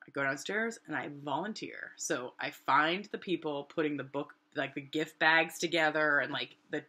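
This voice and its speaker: A middle-aged woman from New Hampshire, casually telling her own story and acting out what people said. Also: normal speed. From New Hampshire, USA. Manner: animated, acts out quoted voices with big pitch jumps.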